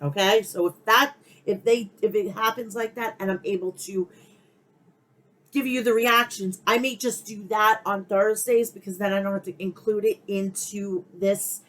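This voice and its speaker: Over a low-quality recording with a little hiss or hum, a middle-aged woman hosts a podcast and rants about pro wrestling with heavy swearing, blunt and heated. Her medium-pitched, fairly bright voice moves at normal speed with fairly even intonation.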